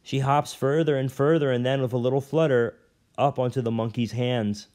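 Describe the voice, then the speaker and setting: A man reading a novel aloud at an unhurried pace, now and then stumbling and correcting himself. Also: medium pitch, fairly even intonation, darkish tone. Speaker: reader.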